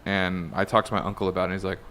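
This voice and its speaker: A man's voice: low voice, level tone, racing, fairly bright tone, a little hiss or hum. A man hosting a casual interview chat, easygoing, with lots of fillers. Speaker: podcast host.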